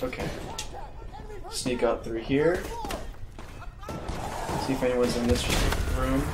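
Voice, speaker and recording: A man's voice: medium pitch, fairly even intonation, takes it slowly. A man giving casual let's-play commentary while playing a shooter, jumpy and self-mocking, talking to himself and his viewers. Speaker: gamer playing through a shooter campaign. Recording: roomy sound with loud game gunfire behind. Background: game gunfire and battle noise.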